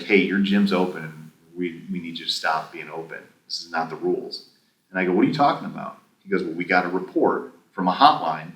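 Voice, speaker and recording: A man's voice: low voice, a bit bright. A man casually telling a long story as a podcast guest, acting out both sides of the conversations he recounts. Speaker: podcast guest, former gym owner. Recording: echoey room, somewhat distant mic.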